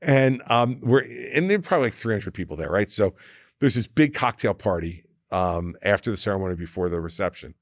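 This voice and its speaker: Lower-voiced New man telling stories. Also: a little fast, no echo, studio quality. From New Jersey, USA. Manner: animated anecdote teller who acts out quoted people, with frequent restarts. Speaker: podcast guest. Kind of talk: casual storytelling in conversation.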